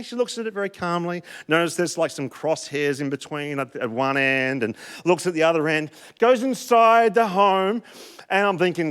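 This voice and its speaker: A middle-aged man with an Australian accent preaching a sermon, telling a personal story with emotional, animated delivery and big swings in loudness. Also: high-pitched, moderate pace. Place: church.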